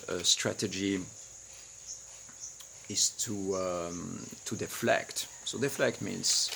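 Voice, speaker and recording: A man's voice: fairly low pitch, gravelly, fairly bright tone, slight background noise. A man hosting a teaching webinar, who acts out quoted lines with sudden jumps in volume. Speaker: webinar host and relationship coach. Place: home studio in rice fields, outdoors nearby.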